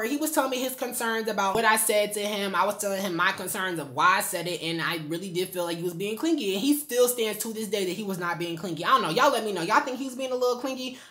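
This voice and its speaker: A young woman chatting casually to her viewers in a storytime vlog, animated and full of slang, recorded indoors at home. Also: a little high. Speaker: storytime vlogger.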